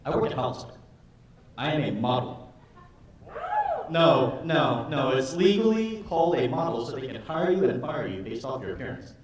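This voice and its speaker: A man in his twenties doing a stand-up comedy set, swinging between loud put-on voices and low mutters. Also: very animated, moderate pace, background noise. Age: 20s. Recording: echoey hall from far off.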